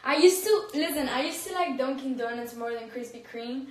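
Young woman livestreaming on her phone, high voice, lots of giggles and slang, roomy echo. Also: moderate pace, a little mellow. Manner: giggly, slangy, laughs often. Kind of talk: casual livestream chat reading comments. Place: room, recording a phone livestream.

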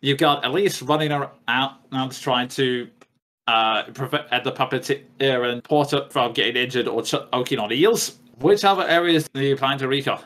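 A man narrating as game master, halting and often restarting his words. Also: medium pitch, fairly bright tone, faint music behind.

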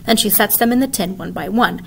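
A woman teacher reading a children's chapter book aloud in an expressive, animated way. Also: mid-range voice, a little fast, creaky, slight background noise.

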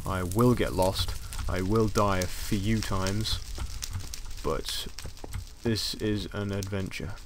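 A young man giving casual commentary on a game he plays, easily startled, yelping and shouting in panic. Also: low-pitched, fairly even intonation, slow. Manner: jumpy, easily scared, yelps and shouts in panic. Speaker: gaming channel host. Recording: loud keyboard clicks and noise.

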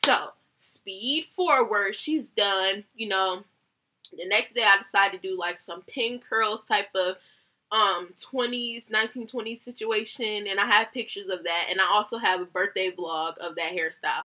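A young woman, a hairstylist, telling a heated story about a bad salon visit, animated and swearing often. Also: medium pitch, normal speed. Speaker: hairstylist vlogger. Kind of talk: casual storytime rant.

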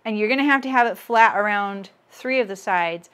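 A woman's voice: mid-range voice, normal speed, fairly bright tone, smooth. A woman in her thirties hosting a casual sewing livestream, chatting with viewers and laughing at her own jokes as she works.

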